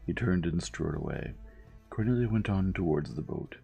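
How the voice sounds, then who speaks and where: A man narrates a story slowly and gently. His voice sits extremely low and has a gravelly fry, yet his pitch still moves in a lively way. Soft music plays under him. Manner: slow, gentle. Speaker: audiobook reader.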